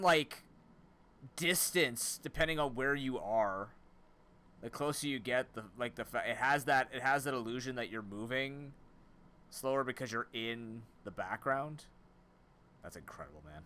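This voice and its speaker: Animated, rambling gaming streamer man. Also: medium pitch, unhurried. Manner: rambling, animated, self-mocking. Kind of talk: casual let's-play commentary.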